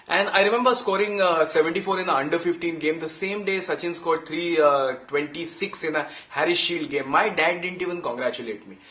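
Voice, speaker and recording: A man with an Indian English accent, a cricket comedian and impressionist, telling lively, punchy anecdotes and slipping into Hindi. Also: on the high side. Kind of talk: animated storytelling talk. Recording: roomy echo.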